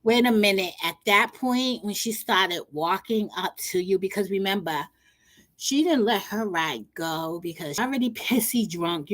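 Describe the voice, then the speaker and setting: A woman's voice: mid-range voice, a bit bright, dry recording. A woman hosting, casual and profane, giving blunt advice. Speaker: podcast host. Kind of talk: casual commentary.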